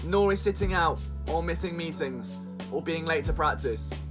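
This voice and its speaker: A man's voice: fairly high pitch, normal speed, music in the background. Sarcastic young man ranting about sports. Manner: sarcastic, exasperated, mock-dramatic. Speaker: sports vlog host. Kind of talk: comedic sports rant to camera.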